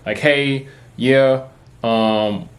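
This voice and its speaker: A man's voice: mid-range voice, steady tone, very slow. A man, talking to camera in a casual, rambling, profane way, full of fillers. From Texas. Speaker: vlogger. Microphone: camera mic, talking to camera.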